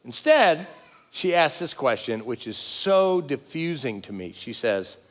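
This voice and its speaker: A middle-aged man, preaching a sermon as pastor in a folksy, animated, self-deprecating way. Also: mid-range voice, a little slow, big-room sound. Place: church sanctuary with multiple campuses.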